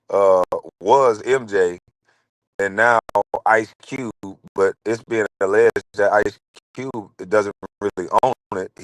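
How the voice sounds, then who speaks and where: A man's voice: fairly low pitch, dry recording, poor audio. A man in his forties hosting a casual commentary show, talking in a blunt, rambling and heated way. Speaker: show host.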